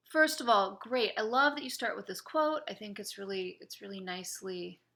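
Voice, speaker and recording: A woman's voice: mid-range voice, creaky, pushed and bright. A woman instructor giving spoken feedback on a student's presentation, encouraging, with many fillers and restarts.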